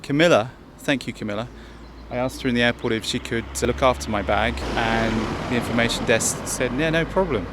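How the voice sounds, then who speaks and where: A man's voice: mid-range voice, steady tone, fairly quick, hardly any pauses, a bit bright, a little hiss or hum. Chatty English man vlogging outdoors. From England. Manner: chatty and rambling, speaks to the viewers directly. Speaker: travel vlogger. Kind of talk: casual travel vlog talk to camera. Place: outdoors in a town and on a bus.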